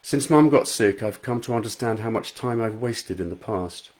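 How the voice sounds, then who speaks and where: A man's voice: lowish voice, normal speed, darkish tone, natural voice. A man reading his romance novel aloud at home, voicing an eager, playful young man. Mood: tender. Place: home front room.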